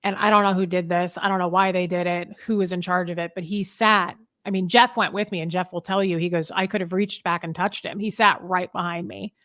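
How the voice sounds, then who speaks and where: A woman's voice: fairly low pitch, steady tone, a little fast, few pauses, fairly bright tone. A woman speaks as an interview guest, her talk loose and rambling with plenty of "like" and "um". She sounds emotional and earnest as she tells her story.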